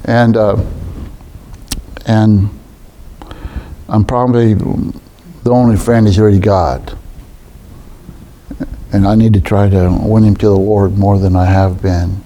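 A man's voice: fairly low pitch, steady tone, slow, long pauses, warm tone. A middle-aged man preaching a sermon in a folksy, conversational way, asking rhetorical questions.

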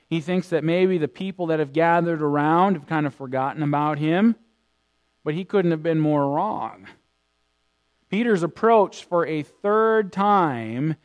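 A pastor preaching a sermon, swinging between loud bursts and hushed tones. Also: male voice, a little high.

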